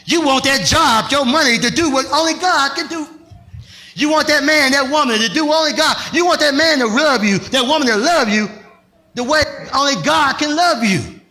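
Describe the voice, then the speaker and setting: A male pastor preaching a sermon, swinging from loud shouted lines to soft asides with bursts of laughter. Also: extremely high pitch, normal speed.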